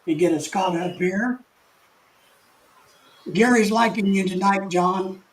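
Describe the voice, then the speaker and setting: A man's voice: high voice, slow, poor audio. An older man hosting a live stream, chatting in a folksy, easygoing way as he reads out viewers' comments, often restarting his sentences and chuckling. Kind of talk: casual live stream chat reading comments.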